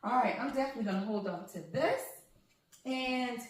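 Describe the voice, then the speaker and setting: A woman's voice: on the high side, lively intonation, moderate pace, darkish tone. A woman, vlogging at home as she unpacks yarn and gushes over each skein. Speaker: crafting vlogger. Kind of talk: casual unboxing vlog. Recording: very echoey room.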